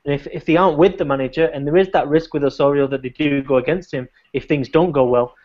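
Man with a higher voice, laid-back co-host. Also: fairly even intonation, quick pace, a little mellow. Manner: laughs often and hedges with 'I think' and 'you know'. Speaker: podcast co-host. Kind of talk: casual panel discussion. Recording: dull lo-fi recording.

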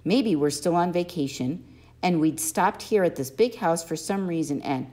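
A woman narrating an audiobook in an expressive first-person storytelling manner. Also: lowish voice, normal speed. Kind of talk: audiobook reading.

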